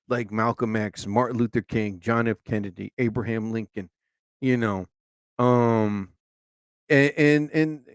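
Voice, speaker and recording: A man's voice: mid-range voice, no echo. A man hosting his own live show and podcast in a rambling, chatty monologue, laughing often and restarting his sentences.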